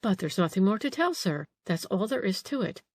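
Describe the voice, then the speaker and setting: A woman's voice: medium pitch, sing-song, a little fast, darkish tone, slightly rough, dry recording. A woman reading an audiobook, voicing an old female housekeeper who grumbles, frets and takes offence easily. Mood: anxious.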